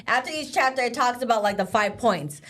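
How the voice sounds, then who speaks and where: A young woman co-hosting a casual live show, chatty and animated, full of "like" and quick laughs. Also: fairly high pitch. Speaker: co-host.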